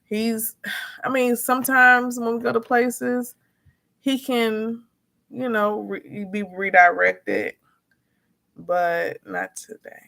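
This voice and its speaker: Woman, gravelly voice, casual storytelling vlog, animated, frank. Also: a little high, takes it slowly. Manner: animated, acts out quotes, frank and profane. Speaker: notary and vlogger.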